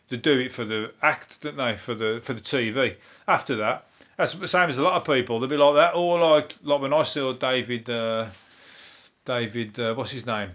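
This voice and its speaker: Sweary rambling comedian. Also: male voice, mid-range voice, a bit bright. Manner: rambling, sweary, laughs at own jokes. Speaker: comedian podcast host. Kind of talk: casual comedic news chat.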